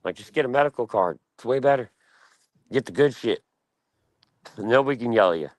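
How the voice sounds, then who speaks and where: A man's voice: medium pitch, animated, a little fast, dry recording. A man from Delaware ranting casually and profanely on a podcast panel. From Delaware, USA.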